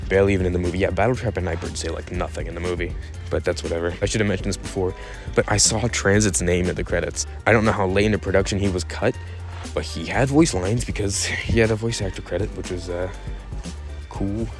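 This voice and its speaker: A man with a fairly low voice talks through his thoughts in a casual vlog. He rambles in a laid-back way and stumbles and corrects himself often. Faint music plays behind him. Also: fairly even intonation, fast talker. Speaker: YouTube channel host.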